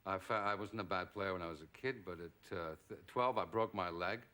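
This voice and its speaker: A man's voice: low voice, a little fast. A middle-aged English actor, a talk show guest, telling anecdotes and acting out the voices of people in his stories. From England. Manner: lively storyteller, acts out quoted voices. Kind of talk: anecdotal chat.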